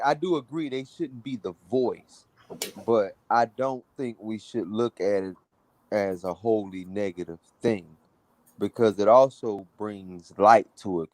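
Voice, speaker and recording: A man's voice: lowish voice, darkish tone, no room sound. A man on a debate panel, earnestly building his argument and checking that others follow. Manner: earnest, builds argument, asks "you know what I'm saying". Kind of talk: casual debate chat.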